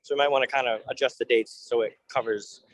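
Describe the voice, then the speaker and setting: A man on a remote board meeting call, making practical suggestions in a measured way. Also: medium pitch, steady tone, dry recording, low-quality recording. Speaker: board member. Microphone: video call.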